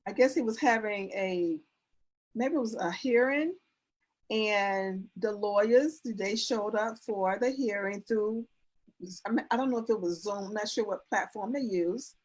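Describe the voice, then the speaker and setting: In an unhurried, medium-pitched voice, an etiquette and image consultant speaks during a casual interview. Earnest and instructive, she uses everyday examples, demonstrates sentence endings, and restarts her phrasing frequently.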